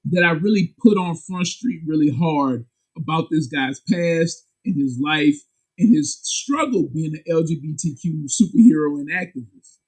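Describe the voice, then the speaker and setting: A man, a comic book publisher and guest, chatting casually in an animated, candid, slangy way. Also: moderate pace, breathy edge, low-quality recording. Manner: animated and emphatic, sharp jumps in pitch. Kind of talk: casual chat.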